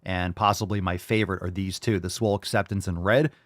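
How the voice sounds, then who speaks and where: A man with a lowish voice hosts a live-streamed podcast, loud and hyped with plenty of profanity and crowd-rallying shouts. He is recorded dry and close to the mic. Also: steady tone, brisk, dry recording. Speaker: podcast host. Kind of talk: casual live-stream show intro.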